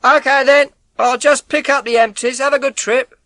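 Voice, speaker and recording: A man's voice: very high voice, fairly even intonation, normal speed, bright, forceful tone, dry recording, studio quality, voice pushed up. A man voicing a friendly milkman who calls through a door with concerned, neighbourly questions.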